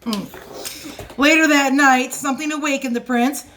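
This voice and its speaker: A woman reading a children's picture book aloud for a library storytime, playful and expressive, at home. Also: high-pitched, measured pace, very noisy.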